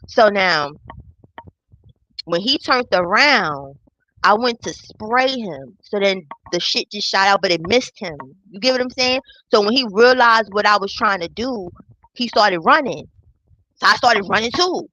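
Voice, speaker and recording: A woman's voice: mid-range voice, unhurried, lo-fi sound. A young woman telling a profane personal story in a casual storytime vlog, acting out the voices of the people in it. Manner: animated, acts out quoted voices, profane.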